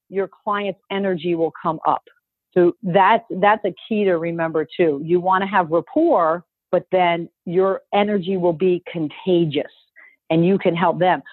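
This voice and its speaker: Peppy coach lady, kinda husky voice, tinny dry phone sound, keeps getting you to say stuff back. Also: mid-range voice, no echo. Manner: upbeat, emphatic, coaxing listeners to repeat phrases. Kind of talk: motivational coaching talk. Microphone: call audio.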